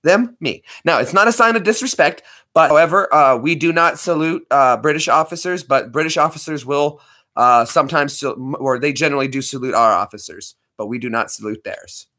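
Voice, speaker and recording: A man's voice: fairly high pitch, a little fast, pushed and bright. A man in his thirties hosting a livestream, rambling and joking as he answers chat. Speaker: livestream host.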